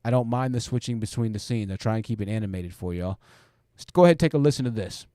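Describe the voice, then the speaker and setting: A man's voice: on the low side, fast talker, mellow, dry recording, studio quality. A man hosting a casual commentary stream, reacting to a video and chatting loosely with viewers, full of "like" and "you know.". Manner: rambling, filler-heavy, addresses viewers directly.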